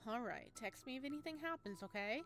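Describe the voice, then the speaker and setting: A woman's voice: on the high side, sing-song, brisk, vocal fry, fairly bright tone, faint music behind, exaggerated voice. Woman doing a fretful, doting mom. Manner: fretful and exclaiming. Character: anxious doting mother, middle-aged, fussy.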